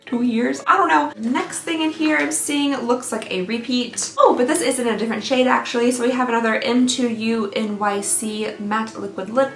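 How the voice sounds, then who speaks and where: Young woman rambling about makeup, kinda high voice, going a bit hoarse, echoey room. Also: fairly even intonation, normal speed, few pauses. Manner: chatty, self-teasing, giggly. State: losing her voice. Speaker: beauty vlogger. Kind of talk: casual unboxing chat.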